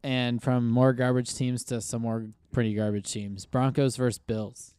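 A man's voice: medium pitch, little pitch movement, normal speed, a little mellow, clean tone, no room sound. A man co-hosting a casual sports podcast, making wry, joking asides. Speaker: podcast co-host.

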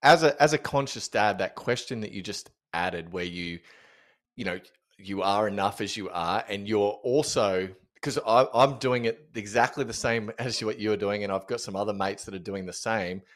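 A man's voice: lowish voice, normal speed. A man co-hosting a podcast, asking hesitant, thoughtful questions in casual chat. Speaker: podcast co-host.

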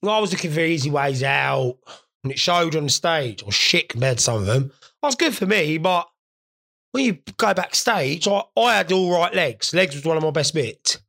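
A man's voice: fairly high pitch, animated, normal speed, gravelly, pushed and bright. A young man telling rambling, jokey, sweary stories in a casual solo monologue. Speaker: podcast host.

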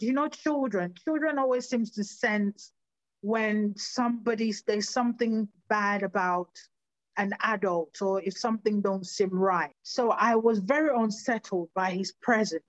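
A woman's voice: medium pitch, no echo. Earnest woman from Nigeria, dull dry recording. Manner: earnest, halting, with restarts and quoted dialogue. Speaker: personal storyteller. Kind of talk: recounting a personal life story.

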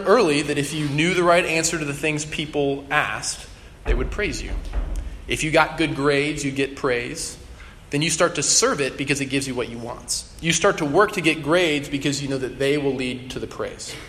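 A man's voice: a little high, sharp tone. A young adult man preaching a conversational sermon with casual ums and restarts. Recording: long hall reverb, faint room noise.

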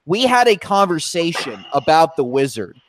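A young man tells stories on a podcast with lively energy, slipping into quoted voices and laughing often. His voice sits slightly high, and the recording is dry and close, with no room sound. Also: normal speed, no room sound. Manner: animated storyteller, laughs often, acts out quotes. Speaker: podcast co-host. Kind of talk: casual chat.

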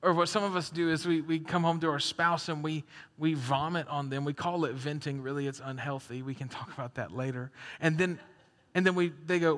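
A young adult man preaching a sermon as a pastor, animated, dropping to a hush and rising loud, acting out the quotes he reads. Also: fairly high pitch, a little fast. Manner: animated, swings from hushed to loud, acts out quotes. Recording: echoey hall reverb.

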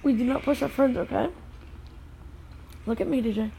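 A woman filming her children playing outside in the snow, narrating casually and calling out gentle, firm warnings to the kids. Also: high voice, moderate pace, creaky, slight background noise, rough recording. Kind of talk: casual family vlog. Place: outdoors in the snow.

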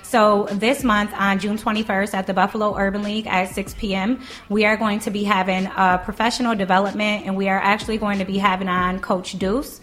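Woman co-host, jokey and animated, mid-pitched, talks easily. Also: brisk, hardly any pauses. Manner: joking, animated. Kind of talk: casual podcast chat.

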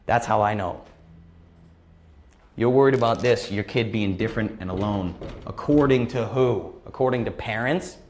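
A man's voice: on the low side, normal speed, slight background noise. A man in his thirties hosting a live question-and-answer stream, talking bluntly and passionately and repeating phrases for emphasis. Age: 30s. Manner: impassioned, emphatic, gets worked up. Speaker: host of a live Q&A. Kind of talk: live-stream motivational talk.

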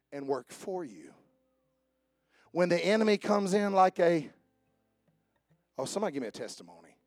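A male pastor delivering an emphatic sermon, his voice sitting high for a man. He shouts key lines with fervor and then drops into quiet, conversational asides. The sound is dry and close on the mic, with little room. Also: no room sound. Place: church sanctuary.

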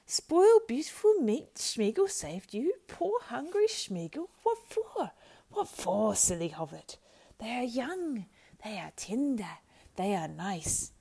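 A woman's voice: fairly high pitch, sing-song, gravelly, warm tone, husky, voice pushed up, exaggerated voice. Gollum, as a woman voices a hissing whiny creature. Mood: whining. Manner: drawn-out, pleading, lisping wheedle. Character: wretched hissing male creature, whining and sly. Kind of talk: audiobook character voice.

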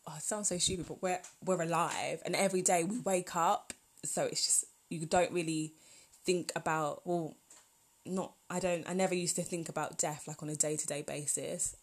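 A woman's voice: sits low, breathy edge. A woman, hosting a solo podcast in a chatty, rambling, heartfelt way. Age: 20s. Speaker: podcast host. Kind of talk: casual solo podcast talk.

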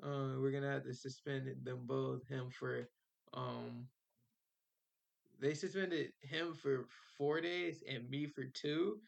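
A man's voice: medium pitch, fairly even intonation, takes it slowly, vocal fry. A young man hosting a podcast, telling a personal story in casual slang, swearing and laughing as he goes. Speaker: podcast host.

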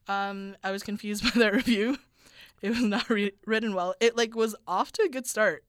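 A woman's voice: medium pitch, fairly even intonation, normal speed, dry recording, clean studio sound. A woman co-hosting a casual chat, reading reviews aloud and laughing often. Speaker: podcast co-host.

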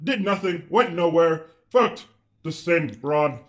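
A man's voice: on the high side, expressive, takes it slowly. A man co-hosting a podcast over a video call, joking and swearing in a rambling, casual chat. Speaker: podcast co-host.

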